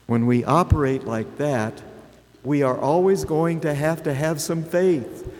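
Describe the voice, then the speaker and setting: A man in his seventies delivering a sermon, slow and deliberate, with rhetorical questions for the congregation. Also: fairly high pitch, a little mellow, long reverb tail. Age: 70s. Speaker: preacher.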